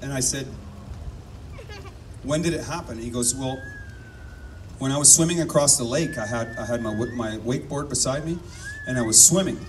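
A man's voice: medium pitch, a little fast. A man preaching outdoors in a park, fervent and telling stories, often repeating words as he builds up. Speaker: street preacher. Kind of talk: outdoor sermon with storytelling. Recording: distant mic outdoors, faint noise.

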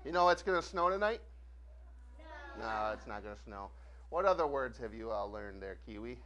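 Lively host of a children's show. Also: mid-range voice, moderate pace, highs cut off. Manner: animated, coaxing, drops to a hush at times. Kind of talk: playful talk to a kids' audience. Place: local TV studio with live audience.

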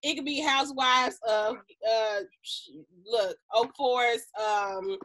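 A woman from Chicago co-hosting a podcast, chatting casually, opinionated and quick to laugh. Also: fairly high pitch, a loud crowd. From Chicago, USA. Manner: laughs often, relaxed and opinionated. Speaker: podcast co-host. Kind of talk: casual chat.

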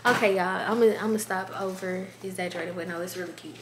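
A woman's voice: fairly low pitch, fairly even intonation, fast talker. A twenty-year-old woman vlogging in a chatty, gushing way, often calling her viewers y'all. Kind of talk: casual vlog chat. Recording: echoey room with background noise.

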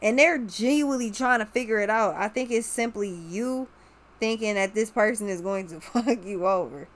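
A woman's voice: mid-range voice, normal speed. A woman giving a casual tarot reading, talking straight to the viewer in a blunt, profane, slangy way. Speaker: tarot card reader.

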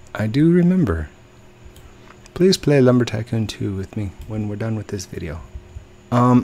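A man's voice: fairly low pitch, a little mellow. A young man giving playful live commentary while playing a game, talking to the other players and his own character. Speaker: gaming video host.

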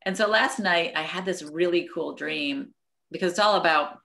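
A woman's voice: lowish voice, normal speed, creaky, fairly bright tone. A middle-aged woman leading a study group over a video call, sharing a personal story in an earnest, reflective way with frequent restarts.

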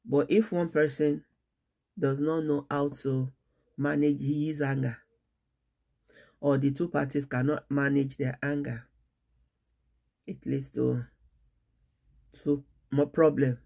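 A woman pastor giving an earnest sermon on marriage, speaking in short, measured phrases and repeating key words for emphasis. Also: very deep voice, flat delivery, creaky, warm tone. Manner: earnest, repetitive preaching cadence with measured pauses.

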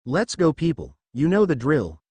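A man voicing a gruff male space cop leader in a fan story reading, grumbling and barking orders. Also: mid-range voice, lively intonation, normal speed, a little mellow, no echo, lightly acted. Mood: stern.

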